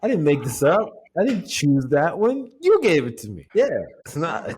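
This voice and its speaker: Podcast co-host guy, husky voice, animated, ribbing his buddy and cussing. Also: on the high side, moderate pace. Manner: teasing, laughs a lot, swears freely. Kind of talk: casual banter. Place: indoor recording set.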